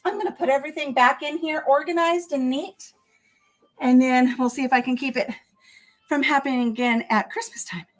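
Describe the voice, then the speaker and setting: A woman's voice: sits high, moderate pace. A woman chatting casually with her livestream viewers as she cleans out her kitchen fridge, a little out of breath. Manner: chatty, talks to viewers while working. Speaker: livestream host. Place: home kitchen.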